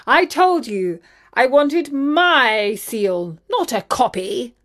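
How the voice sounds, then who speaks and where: A woman voicing a fussy, grumbling but kindly old king in a storybook reading, in a blustery, measured manner. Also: on the high side, very animated, a bit bright, pitched above the performer's own voice, full character voice.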